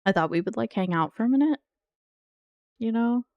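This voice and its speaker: Playful lady streamer chatting w viewers, smooth clean voice, dry close sound. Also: a little high, animated, normal speed, no room sound, muffled recording. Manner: playful, teasing, laughs often. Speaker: game streamer. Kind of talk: casual live-stream chat.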